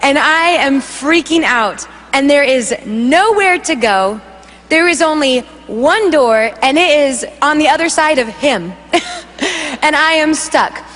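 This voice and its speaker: Young woman, high bright voice, animated storyteller at a church stage mic, long hall reverb. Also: slow pace, a little hiss or hum. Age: young adult. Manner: animated storytelling, acts out voices, laughs often. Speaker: worship leader giving testimony. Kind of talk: testimony preached to a congregation.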